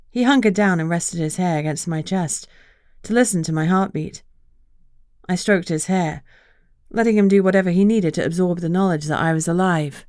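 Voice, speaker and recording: A woman narrating a first-person fantasy audiobook in an even, measured storytelling manner. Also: lowish voice, dry recording, studio quality.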